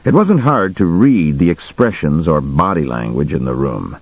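Deep husky male audiobook narrator. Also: sing-song, normal speed, hardly any pauses, dry recording, highs cut off. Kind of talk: first-person audiobook narration.

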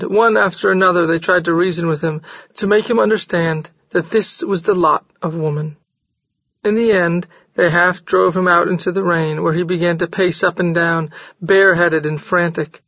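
A man narrating a novel in a steady, measured storytelling voice. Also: high voice, gravelly, no room sound. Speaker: audiobook narrator. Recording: slightly dull dry recording.

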